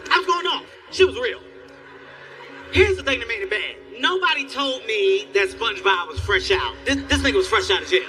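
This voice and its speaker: Male stand-up comic, high-pitched and sharp, animated delivery, miked on a stage some distance off. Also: a little fast, soft background music. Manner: animated storytelling, acts out characters, yelling bits. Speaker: stand-up comedian. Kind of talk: stand-up comedy set. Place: theater stage before a live audience.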